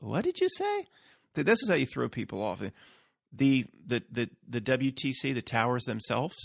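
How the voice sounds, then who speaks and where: A man's voice: medium pitch, no echo, clean studio sound. A man hosting his own channel, talking casually in a rambling solo monologue full of restarts and fillers. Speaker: YouTube channel host.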